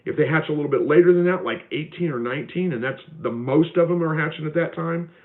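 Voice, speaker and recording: A man's voice: fairly high pitch, fast talker. A man hosting a live stream, chatting casually as he answers viewer questions, with lots of fillers and restarts. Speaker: homestead livestream host. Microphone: phone. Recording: tinny phone audio.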